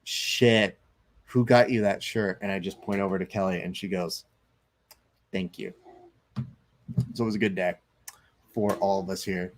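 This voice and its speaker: Low-voiced man chatting casually on stream. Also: steady tone, normal speed, a little hiss or hum. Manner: loose, chatty, swearing, reads chat aloud. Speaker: live stream host. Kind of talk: casual live-stream chat and fight commentary.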